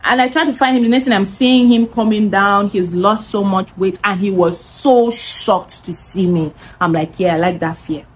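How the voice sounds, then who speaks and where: A woman's voice: medium pitch, normal speed, hardly any pauses, husky, rough recording. A young woman with a Nigerian accent telling a dramatic story-time vlog, full of repetition for emphasis. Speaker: vlogger.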